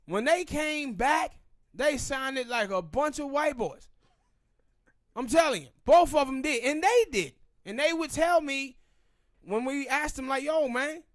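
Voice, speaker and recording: A man's voice: extremely high pitch, fairly bright tone, dry recording, clean studio sound. A man with a Southern US accent, hosting a podcast and giving emphatic, opinionated commentary. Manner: emphatic, ranting, drawn-out pauses. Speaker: podcast host.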